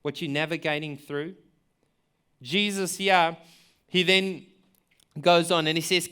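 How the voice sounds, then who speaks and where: A man's voice: a little high, steady tone, slow, pauses often, bright, forceful tone, smooth. A man preaching a sermon in an earnest, conversational way, asking listeners questions and often repeating words as he thinks aloud. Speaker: pastor.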